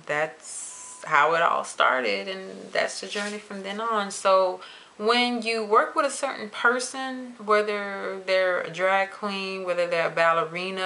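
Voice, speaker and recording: A young adult woman vlogging to camera in a chatty, expressive way, stretching words for emphasis. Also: mid-range voice. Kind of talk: casual chat to camera.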